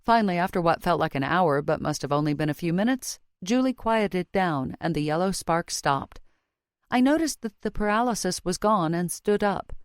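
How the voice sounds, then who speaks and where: A woman narrating a fantasy audiobook in the first person with a steady, measured reading. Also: lowish voice, clean tone, no room sound, clean studio sound.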